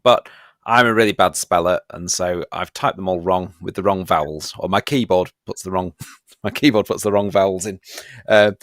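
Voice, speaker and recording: A man with a very low voice leads a live online revision quiz for students. He is playful and pokes fun at himself, and his voice sounds dry and close. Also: fairly bright tone, dry recording. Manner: playful and self-mocking, chuckles often. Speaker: history teacher.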